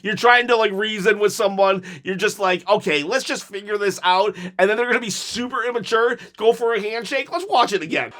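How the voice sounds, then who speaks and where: A man hosting a casual reaction commentary, animated, laughing often and mimicking the lines he quotes. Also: high-pitched, brisk, hardly any pauses. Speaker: channel host reacting to clips.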